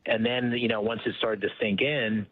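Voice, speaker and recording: Ex-military interviewee, low husky voice, halting speech, phone-line radio clip. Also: male voice, steady tone, no echo. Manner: halting, many fillers. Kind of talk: broadcast interview recollection.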